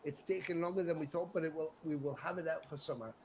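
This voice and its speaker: Middle-aged English male rock musician, lively storyteller with a slightly high voice and faint hiss behind; acts out quotes, curses freely. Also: quick pace, low-quality recording. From England. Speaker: musician guest. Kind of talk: casual interview chat.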